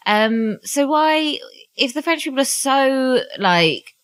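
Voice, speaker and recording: A woman's voice: sits high, slow pace, soft background music. A woman in casual chat, rambling and hesitant.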